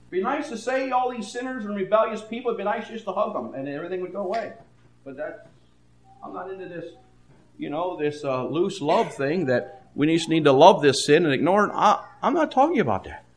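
An older man preaching a sermon, dropping to a hush and then rising loud, often stammering into repeats. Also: high-pitched, expressive, roomy sound. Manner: swings between hushed and loud, halting repeats.

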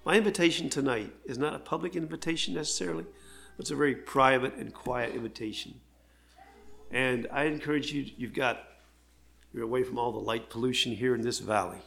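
An older man, a pastor, preaching an earnest, heartfelt sermon with pauses. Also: mid-range voice, gravelly, fairly bright tone.

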